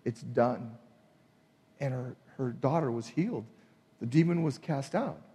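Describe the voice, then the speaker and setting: A man preaching a sermon, emphatic and animated, acting out the people in his retelling. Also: mid-range voice, normal speed, in a large hall. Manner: emphatic, acts out voices in retelling. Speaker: pastor.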